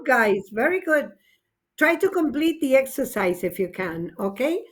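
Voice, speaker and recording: A woman teacher runs an English grammar lesson. Her voice sits a little high and she takes her time, spelling out each rule patiently. She keeps cheering the class on, dropping into to gloss words. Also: lively intonation, breathy edge. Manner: encouraging, explains grammar slowly and switches to Spanish for glosses.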